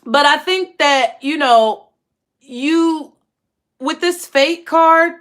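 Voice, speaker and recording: High-pitched woman doing a tarot reading, blunt, swears a lot, super emphatic. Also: drawn-out words, a bit bright. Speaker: tarot reader.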